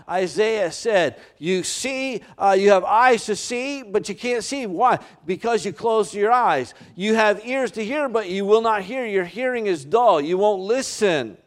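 A pastor with a high voice preaches earnestly to his church, his speech full of fillers, slowing down for scripture at some moments and rushing at others.

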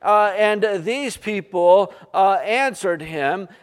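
Halting older man preaching in a hall. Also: high voice, clean tone. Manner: halting, many uh fillers and restarts. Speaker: pastor. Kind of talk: sermon.

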